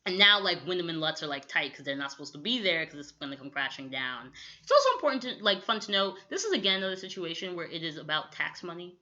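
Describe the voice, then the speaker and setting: A young woman co-hosting a podcast, recapping a movie in casual chat and acting out quick quotes, with lots of "like". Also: on the low side. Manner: animated storytelling with quick acted-out quotes, lots of "like". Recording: dull lo-fi audio.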